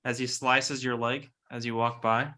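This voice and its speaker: A man with a bright, clear-toned voice at an ordinary pitch runs a tabletop game. He describes the action and settles the rules in a brisk, matter-of-fact way. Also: flat delivery. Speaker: game master.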